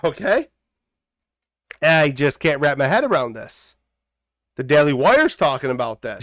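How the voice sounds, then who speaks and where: A man's voice: fairly high pitch, very animated, measured pace, pauses often, a bit bright, dry recording. A man hosting a political commentary podcast, talking in a heated, preachy way and repeating phrases for emphasis. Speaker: podcast host.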